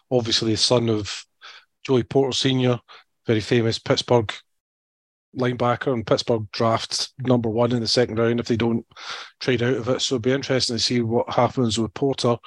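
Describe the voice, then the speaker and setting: Dry-voiced Scottish man, halting. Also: mid-range voice, no echo. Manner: hesitant, lots of ums, dry jokes. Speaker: podcast co-host. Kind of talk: casual sports podcast chat.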